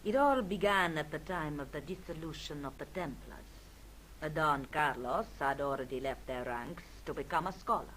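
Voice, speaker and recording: A proud, weary countess with a stately, formal way of speaking. Her low voice rises and falls a great deal as she talks. Faint noise sits behind her in this game recording. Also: lively intonation, normal speed, a bit bright, rough recording. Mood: somber. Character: aristocratic older Spanish countess, proud but weary. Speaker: game character.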